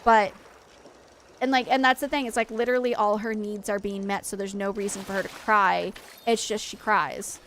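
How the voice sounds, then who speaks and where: A young adult woman hosts a game stream, speaking at normal speed in a medium-pitched, slightly bright voice with fairly even intonation. She chats casually as she plays, rambling with lots of "like" and frequent restarts, over a little hiss or hum.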